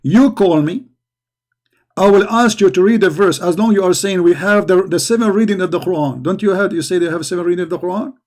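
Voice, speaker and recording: A man's voice: sits high, a little fast, darkish tone. A man giving a combative, mocking polemic monologue as a religious debater, speaking in broken English.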